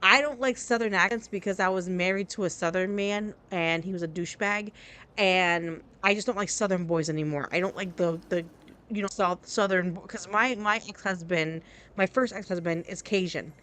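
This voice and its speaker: A woman's voice: lowish voice, normal speed, a bit bright. Rambling New woman streaming a game. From New Jersey. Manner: rambling and candid, restarts often. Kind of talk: casual live-stream chat.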